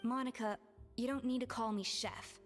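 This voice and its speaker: A modest, soft-spoken former head chef, voiced by a woman. Her voice sits high, and the game audio rings with a long reverb. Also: fairly even intonation, normal speed, music in the background, natural voice. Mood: calm.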